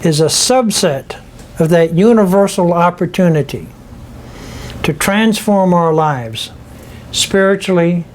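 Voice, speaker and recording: Slow heartfelt older man telling a story. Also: high voice, animated, slight background noise. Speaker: spiritual speaker. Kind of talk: personal storytelling to an audience.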